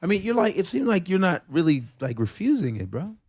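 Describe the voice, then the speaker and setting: A man's voice: high voice, very animated, brisk, darkish tone, no echo. A man co-hosting a comedy podcast, teasing the others and laughing a lot. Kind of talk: casual chat.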